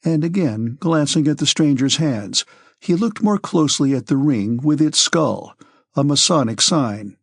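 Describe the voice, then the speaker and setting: A man narrating a classic novel as an audiobook, in a measured, even storytelling manner, close to the mic. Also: a little high, no room sound.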